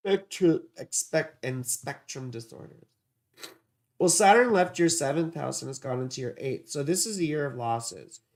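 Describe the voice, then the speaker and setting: Gravelly, slow-talking male astrology streamer. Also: fairly high pitch, big pitch swings, a little mellow. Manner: rambling, distracted, swears casually. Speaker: astrology livestream host. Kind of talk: casual livestream astrology reading.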